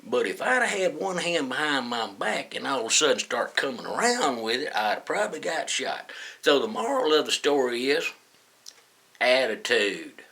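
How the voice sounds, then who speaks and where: A man's voice: medium pitch, sing-song, sharp tone. Folksy man spinning a yarn. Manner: folksy, chuckling, drawn-out storytelling. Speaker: storyteller. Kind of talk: casual anecdote told to camera.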